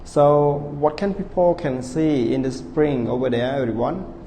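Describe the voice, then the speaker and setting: A man teaching an online English class, spelling words out letter by letter, repeating them slowly, calling himself "teacher" and constantly checking in with his students. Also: mid-range voice, warm tone. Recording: reverberant room with faint background hiss.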